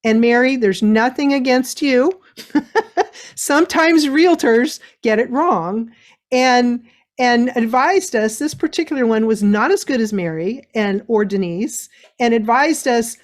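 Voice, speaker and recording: A middle-aged woman giving a motivational webinar talk, telling a story in an animated way. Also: fairly high pitch, measured pace. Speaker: speaker.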